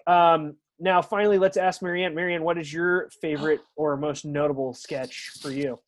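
A man's voice: a little high, fairly even intonation, normal speed. A man hosting a comedy show, casually asking guests about their favorite sketches. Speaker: host.

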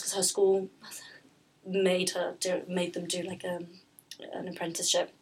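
A woman's voice: fairly low pitch, monotone, normal speed, slightly rough. A woman who founded a pastry business, chatting in an interview, rambling with lots of fillers and restarts. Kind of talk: casual interview chat.

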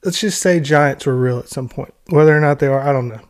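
A man's voice: mid-range voice, fast. A man giving casual commentary, ranting with heavy sarcasm and mocking asides.

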